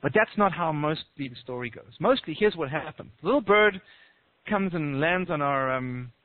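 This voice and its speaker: A man's voice: a little high, expressive, normal speed, no echo. A man coaching on relationships in casual talk, telling a story and briefly acting out small voices. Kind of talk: casual advice on a call. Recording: tinny phone line.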